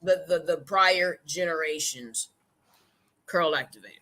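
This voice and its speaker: A woman's voice: low voice, unhurried, background noise. A woman co-hosting a podcast in casual chat, stammering into rhetorical questions. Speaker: podcast co-host.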